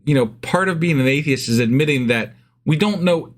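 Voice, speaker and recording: A man's voice: a little high, animated, brisk. A man co-hosting a podcast, blunt and profane in casual, argumentative chat. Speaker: podcast co-host.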